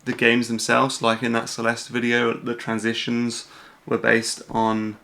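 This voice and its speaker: A British man with a gravelly, fry-edged voice at a middling pitch, hosting a casual livestream. He rambles through chat questions with plenty of ums and restarts and pokes fun at himself along the way. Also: monotone, unhurried, pushed and bright. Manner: rambling, self-deprecating, many fillers and restarts. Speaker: host.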